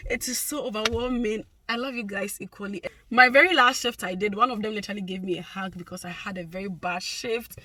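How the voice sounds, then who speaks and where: A woman's voice: medium pitch, fairly quick, few pauses, background noise. A young adult woman, a healthcare worker, chatting casually to her vlog viewers, effusive and laughing often.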